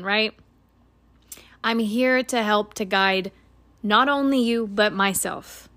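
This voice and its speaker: Her mid-range voice carries vocal fry and a fairly bright tone. A woman in her late twenties, she hosts her own podcast, where she delivers casual, no-nonsense motivational talk that is both sincere and heavy on profanity.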